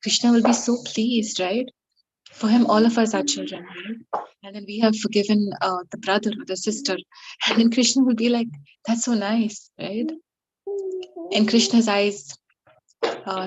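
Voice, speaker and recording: A woman's voice: mid-range voice, fairly even intonation, normal speed, husky. A woman participant telling a story in a rambling, hesitant way full of fillers. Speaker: session participant. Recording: noisy line with clicks.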